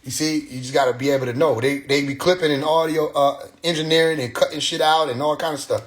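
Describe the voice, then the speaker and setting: A man's voice: fairly high pitch, steady tone, fast talker. Rambling man livestreaming on his phone. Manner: loose, rambling, swears freely, slips into quoting others. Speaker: livestream host. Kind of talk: casual livestream monologue. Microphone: phone mic.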